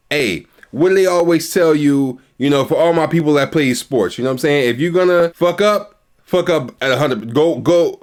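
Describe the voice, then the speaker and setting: A man giving casual reaction commentary, agreeing often and speaking in loose slang with restarts. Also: a little high. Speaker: YouTube reaction host.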